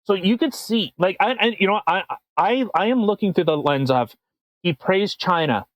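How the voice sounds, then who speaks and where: A man co-hosting a podcast, ranting casually with swearing and halting restarts. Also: high voice, lively intonation, dry recording, low-quality recording. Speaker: podcast co-host. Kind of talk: casual comedic political chat.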